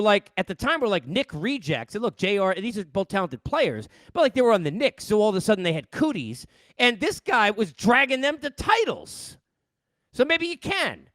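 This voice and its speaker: A man's voice: sits high, fairly bright tone, dry recording. A middle-aged man from New York, a sports host, ranting casually into a headset mic with exasperated rhetorical questions.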